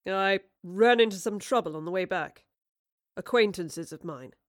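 A woman's voice: medium pitch, normal speed, no echo, studio quality, natural voice. A woman voicing a roguish male poet-spy. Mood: wry. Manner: wry and theatrical. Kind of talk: audiobook character reading.

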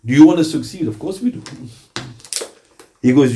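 A man's voice: a little high, animated, normal speed, long pauses, warm tone. A man with a British accent giving a sermon in a conversational style, often asking his audience questions. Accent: British English. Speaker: Islamic preacher.

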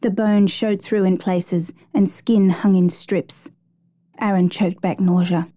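A woman narrating a true rescue story in a measured, even storytelling manner. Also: mid-range voice. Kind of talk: scripted narration.

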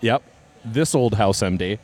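A man hosting comedic play-by-play at a basketball game, chatty and quick to laugh, recorded courtside. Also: lowish voice, darkish tone. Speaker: host and commentator.

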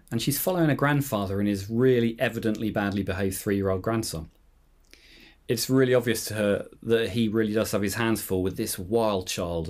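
A man preaching a conversational homily, telling stories in an easy, relaxed way. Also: lowish voice. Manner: relaxed storytelling with anecdotes.

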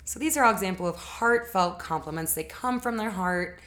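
A woman explains relationship habits in a casual spoken lesson. Her delivery is earnest and conversational. She often pauses on fillers and corrects herself mid-sentence. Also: medium pitch, fairly bright tone.

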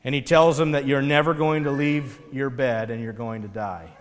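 A man giving a sermon in an animated, conversational storytelling way. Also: medium pitch, normal speed, big-room sound. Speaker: pastor.

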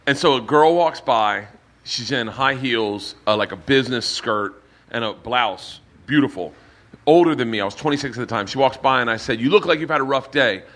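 Animated, profane male comedian telling stories. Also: mid-range voice. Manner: animated, profane, quick anecdotal delivery. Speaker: comedian podcast host. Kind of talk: storytelling with friends. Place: bar in front of a live audience.

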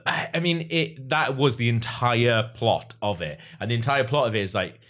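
A man's voice: medium pitch, normal speed, a bit bright. A man hosting a podcast, chatting casually in a rambling, hesitant way with frequent laughs. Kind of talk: casual comedy chat.

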